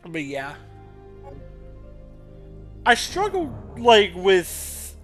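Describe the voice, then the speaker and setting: Let's play host, male, higher-pitched, loose rambling commentary with faint game music under it. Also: huge pitch swings, extremely slow, a bit bright. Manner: rambling, casual, swearing, thinks aloud.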